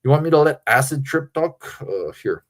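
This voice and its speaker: A man's voice: on the high side, expressive, moderate pace. A man from Pennsylvania, tipsy from drinking, rambling crudely and off the cuff to his livestream chat. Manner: meandering, crude, self-interrupting.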